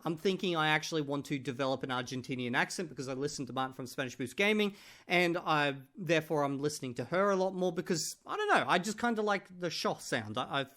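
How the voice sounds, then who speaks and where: A man's voice: on the high side, lively intonation, fast talker, fairly bright tone. A man talking casually to his viewers in a chatty, joking way. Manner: chatty, jokey, addresses viewers as guys. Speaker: language-learning vlogger. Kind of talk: casual talk to camera.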